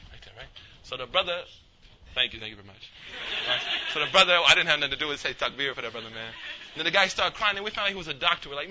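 Man, imam, fast animated storytelling, slang mixed with Arabic phrases, dull lo-fi recording. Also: on the high side, background noise. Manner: animated, acts out the people in his story. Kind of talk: storytelling religious talk.

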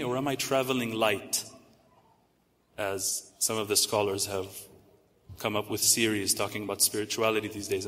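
A man's voice: lowish voice, fairly bright tone. Man lecturing in a reverberant hall. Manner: rhetorical, slows down for emphasis, sprinkles Arabic terms. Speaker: Muslim preacher. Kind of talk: religious lecture.

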